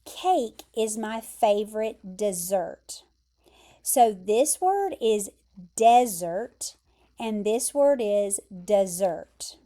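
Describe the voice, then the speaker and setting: A woman with an American accent teaching English vocabulary, explaining word pairs carefully and repeating pronunciations clearly. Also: medium pitch, animated, takes it slowly, warm tone. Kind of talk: vocabulary lesson.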